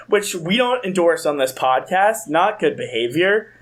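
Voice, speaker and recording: A man's voice: sits high, normal speed, few pauses. A young man in his twenties co-hosting a podcast, telling a rambling, profane story in casual chat. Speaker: podcast co-host.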